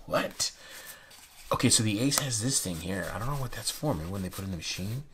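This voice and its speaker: Over the shuffling and clicking of cards in a noisy room, a young man with a very deep voice unboxes playing cards for his channel at a moderate pace. His casual commentary is excitable and chatty, sometimes sinking to a near whisper.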